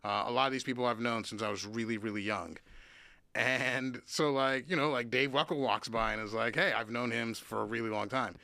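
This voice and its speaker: A man from Cincinnati talks as a guest on an interview show, with a bright, crisp voice. He tells stories in an animated way, his sentences running on with "like" and the odd swear word. The sound is dry and close. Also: medium pitch, moderate pace, dry recording. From Cincinnati, USA. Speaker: guest, drummer and producer. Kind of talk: casual interview storytelling.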